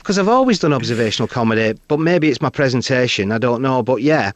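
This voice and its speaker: Guesting on a radio show in the studio, this middle-aged Northern English comedian spins anecdotes quickly, animatedly performing the voices he quotes. He has a mid-range voice, and there's no echo in the sound.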